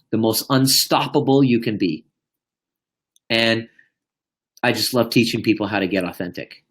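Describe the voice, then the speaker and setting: A man coaching live on a stream, talking in an animated, profane way that swings between loud and hushed. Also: fairly high pitch. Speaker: life coach. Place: indoors, live video.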